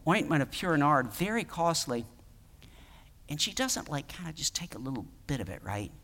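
A man's voice: on the high side, very animated, moderate pace, a bit bright, big-room sound. A man preaching a sermon in a conversational, emphatic way, with many fillers and restarts. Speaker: pastor.

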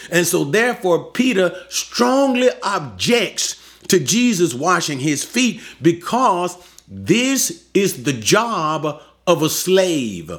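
Guy teaching a bible chapter, slow and drawn out, voice swings up and down a lot, keeps repeating himself. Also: fairly high pitch. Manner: repeats and restates phrases, asks rhetorical questions.

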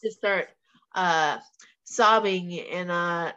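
A woman's voice: on the low side, very slow, pushed and bright, clear, resonant tone. A young woman, a professional fighter and guest, chatting casually in an interview. She tells stories candidly and animatedly, with a lot of "like" and some swearing. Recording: slightly muffled, lo-fi podcast audio.

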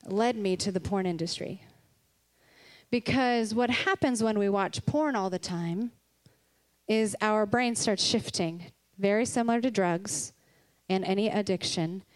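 A woman speaks in an earnest, conversational sermon style, mixing personal stories with faith. Her delivery is candid and personal, and she laughs now and then between points. Her pitch sits in an ordinary middle range for a woman. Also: darkish tone. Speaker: Christian speaker.

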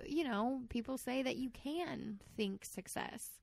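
A woman's voice: fairly high pitch, measured pace, gravelly, a little mellow. A woman co-hosting a podcast in casual banter, teasing and asking questions. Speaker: podcast co-host.

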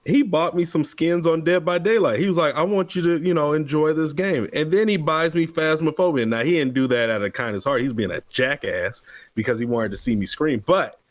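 A man co-hosting a casual gaming podcast, teasing his co-host with quick joking remarks. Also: on the high side, no echo.

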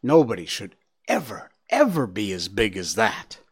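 A man voicing a frightened young female deer who cries out in shrill panic, in a storybook reading. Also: huge pitch swings, moderate pace, husky, heavily acted. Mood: panicked.

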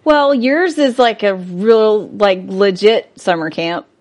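A woman's voice: medium pitch, slow, a little mellow. A young woman with a Southern US accent co-hosting a podcast, bubbly and enthusiastic, laughing often. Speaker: podcast co-host. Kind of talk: casual chat.

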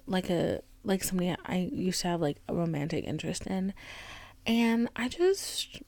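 A young woman hosting her own podcast, talking candidly and rambling with many fillers, sometimes dropping to a soft whisper. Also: mid-range voice, gravelly, no echo. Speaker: podcast host. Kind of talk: casual solo podcast monologue.

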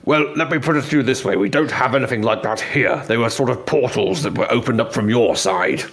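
A man voicing a grumpy male demon lord in a tabletop game, gruff and blustering. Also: medium pitch, brisk, faint music behind, natural voice. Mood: dismissive. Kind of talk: tabletop role-play voice.

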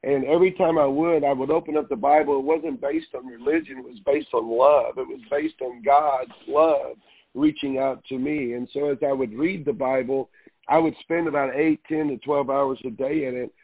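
A man, a pastor, tells his testimony in an earnest, halting way, often circling back on his words. His voice sits at an ordinary pitch. It comes through a thin, tinny, phone-like radio line. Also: fairly even intonation, husky, no echo. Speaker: pastor, interview guest.

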